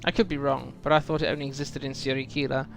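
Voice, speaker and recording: A man's voice: medium pitch, level tone, fast, vocal fry, soft background music. A man streaming a game, chatting casually and rambling about lore with lots of fillers. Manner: musing, rambling lore talk with many fillers. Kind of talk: casual live-stream chat.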